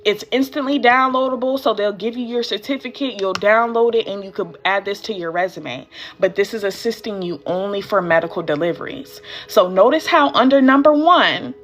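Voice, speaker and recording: A woman's voice: mid-range voice, moderate pace, few pauses. An American woman teaching a casual live-stream session as a courier business coach. She talks straight to her viewers and answers their comments as she goes. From United States. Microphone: phone live stream.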